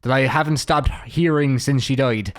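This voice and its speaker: A man's voice: mid-range voice, moderate pace, crowd noise, noisy background. An Irish man giving crude, mocking reaction commentary, swearing freely as he riffs on clips and memes. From Ireland.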